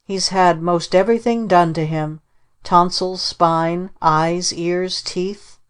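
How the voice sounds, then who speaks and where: A woman's voice: on the low side, fairly even intonation, takes it slowly, smooth. A woman reading the part of a fretful mother who confides her worries about her boy in an audiobook.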